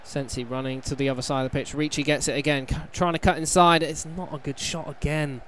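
Young male gamer, fairly high voice, casual play-by-play that flares into excited yelling. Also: quick pace, a little hiss or hum. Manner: chatty, bursts into excited shouting at the players. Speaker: gaming channel host. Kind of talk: casual let's-play commentary.

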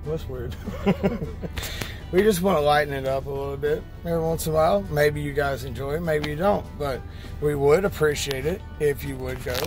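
A man, a trucker doing a loud country-boy comedy skit and chatting casually with viewers. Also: fairly high pitch, normal speed, music in the background. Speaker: trucker vlogger.

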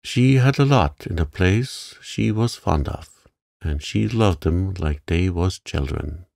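A gruff old gardener grumbles in short, slow phrases, as a man reads him. His voice sits very deep and gravelly, and it sounds dry and close. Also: lively intonation, a little mellow, dry recording, full character voice. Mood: grudging. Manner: grumbling, curt, dialect speech.

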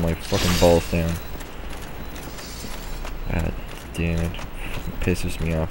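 A man's voice: low-pitched, flat delivery, takes it slowly, pauses often, noisy background. A man commenting on his own gameplay, frustrated and swearing, muttering to himself.

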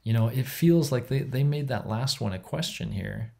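A man's voice: mid-range voice, normal speed, creaky, mellow. A man giving a university psychology lecture in a chatty, enthusiastic way, with many fillers and restarts.

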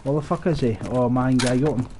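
Against a noisy background, a young streamer with a mid-range voice comments briskly on the shooter he's playing at home through a headset. His tone is sarcastic, he curses freely, and he laughs frequently.

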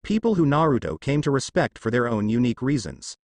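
A man narrating a fan fiction story aloud in a plain, steady reading voice with occasional misread words. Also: medium pitch, brisk, no room sound.

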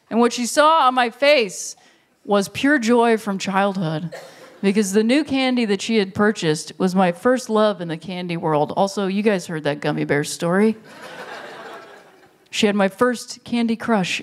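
A stand-up comic in their thirties telling a long story on a live stage, briefly acting out the people in it with quick voices. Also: medium pitch. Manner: storytelling, acts out characters in quick bursts. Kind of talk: stand-up comedy set. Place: live stage before an audience. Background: audience laughter.

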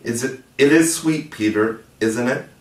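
A man's voice: a little slow, reverberant, far from the mic, lightly acted. A man voicing a prim young girl who plays the mother to a band of children. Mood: sweet. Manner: prim, gentle, higher voice.

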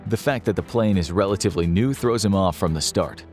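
A man giving scripted narration of a dramatic story in a steady, storytelling manner. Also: low voice, brisk, soft background music.

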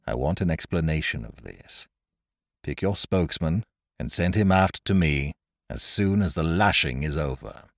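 A man voices a stern, commanding sea captain in this audiobook tale, swinging between low, hard growls and sudden raised barks. The reading is close and dry. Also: very animated, slow, a bit bright, no room sound, exaggerated voice.

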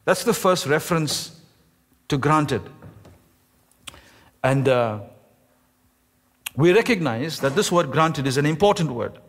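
Pastor guy preaching hard, kinda high voice, long echo in the church. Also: expressive. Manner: emphatic preaching, slows and stretches key words. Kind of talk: sermon. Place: church sanctuary. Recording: echoey church hall.

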